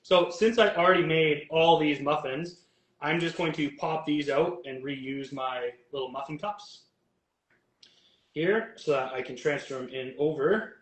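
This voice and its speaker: Upbeat guy cooking and chatting, highish voice, echoey kitchen. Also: measured pace. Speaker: guest chef and bodybuilding coach. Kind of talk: casual chat while cooking. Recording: echoey room.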